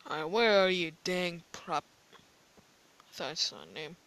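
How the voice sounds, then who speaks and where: A woman giving casual gameplay commentary, excitable, yelling taunts and giggling between lines. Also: fairly low pitch, a little slow, poor audio. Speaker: gamer recording gameplay.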